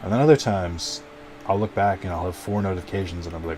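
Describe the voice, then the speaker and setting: A man's voice: low-pitched, fast talker. A man streaming a video game, rambling casually to his chat and swearing now and then. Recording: game music underneath.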